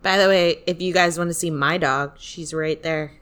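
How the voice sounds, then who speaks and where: A woman's voice: low voice, fairly even intonation, normal speed, a bit bright, smooth. A woman co-hosting a live stream from home, chatting easily to her audience to fill time. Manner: easygoing filler talk to the audience. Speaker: podcast co-host. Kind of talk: casual live-stream chat.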